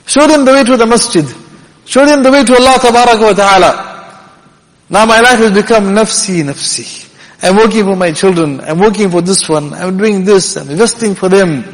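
A man with a notably high voice delivers an earnest sermon, repeating key phrases for emphasis. He weaves Arabic recitation into his English. The sound carries a long reverb, as in a large hall. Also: a little fast. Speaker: preacher. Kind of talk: Islamic sermon.

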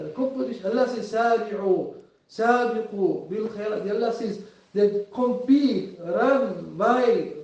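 A man's voice: high-pitched, a little mellow. A man preaching an earnest, pleading sermon with English, recorded from a distance in a mosque hall. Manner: earnest, pleading, rising and falling emotion. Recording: echoey hall from far off, dull lo-fi.

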